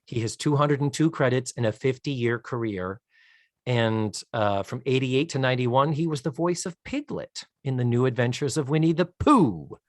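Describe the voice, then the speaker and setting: A man co-hosting a podcast, casually retelling a TV episode in an animated way and laughing often. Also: mid-range voice, normal speed, no echo, clean studio sound. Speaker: podcast co-host. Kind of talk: casual chat, recapping a TV episode.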